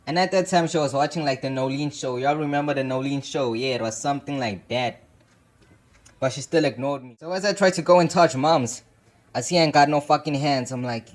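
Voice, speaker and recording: Talking briskly in a slightly high voice, a young adult channel host shares a personal story. He keeps it slangy and loose, tossing in casual asides and plenty of "you know what I'm saying."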